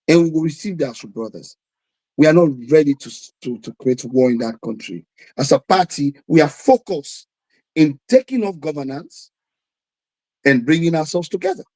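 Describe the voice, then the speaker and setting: Emphatic Sierra Leonean man, fairly high. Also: big pitch swings, moderate pace, a little mellow, rough recording. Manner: emphatic and repetitive, mixing in Krio phrases. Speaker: guest. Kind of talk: political discussion.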